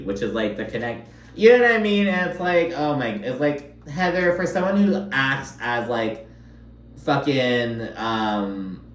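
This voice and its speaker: A man's voice: medium pitch, reverberant, distant mic. Sassy, profane man recapping reality TV. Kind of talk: casual recap commentary.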